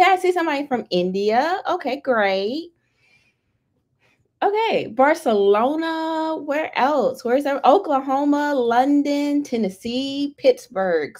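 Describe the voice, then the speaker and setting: A woman hosting a live stream, excited and chatty, greeting viewers and reading out the chat. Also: sits high. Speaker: livestream host, head of community. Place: Atlanta.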